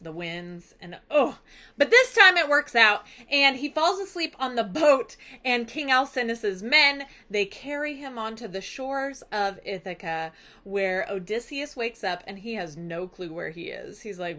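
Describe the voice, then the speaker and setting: A woman teacher retells a story with lively, chatty energy. Her voice is bright and slightly high, and she talks as if speaking right to her students. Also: unhurried. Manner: animated, conversational storytelling. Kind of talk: recap lesson.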